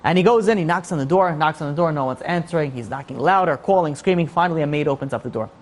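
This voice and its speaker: A man giving a sermon as a rabbi, telling a story in an animated way and acting out the voices of its characters. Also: fairly high pitch, fast talker.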